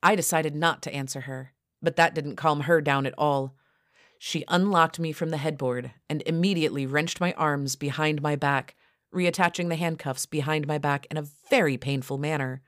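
As an audiobook narrator, a woman reads a first-person erotic story at a steady, even, moderate pace. Her voice is very low for a woman. The recording is close and fully dry, with no echo.

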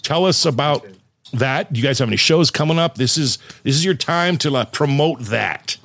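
A man from Southern California, a radio host chatting in a relaxed interview. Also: a little high, moderate pace, creaky, no room sound. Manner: relaxed, chatty, uses bro and dude. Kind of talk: casual interview chat.

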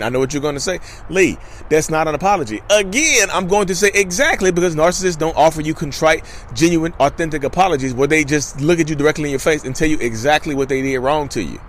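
A man's voice: fairly high pitch, animated, fast, fairly bright tone, a little hiss or hum. Emphatic man talking to camera outdoors. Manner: emphatic and repetitive, addresses viewers as y'all. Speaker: vlogger. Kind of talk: casual commentary to camera.

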